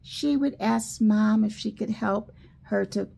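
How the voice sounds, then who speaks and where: A woman teaching a children's church school lesson, telling stories slowly and acting out the quoted lines. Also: medium pitch, vocal fry. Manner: slow, animated storytelling with quoted voices. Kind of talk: children's Bible lesson storytelling.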